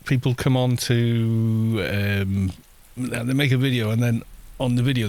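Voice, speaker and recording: A man streaming a game, chatting casually in a quiet, gentle voice, rambling with restarts and soft laughs. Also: medium pitch, measured pace. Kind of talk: casual live-stream chat while gaming.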